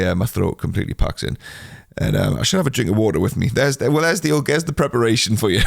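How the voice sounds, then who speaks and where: Gravelly low-voiced man rambling casually. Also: dry recording, studio quality. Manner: rambling, self-deprecating, many filler sounds. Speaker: podcast host. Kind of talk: casual solo podcast chat.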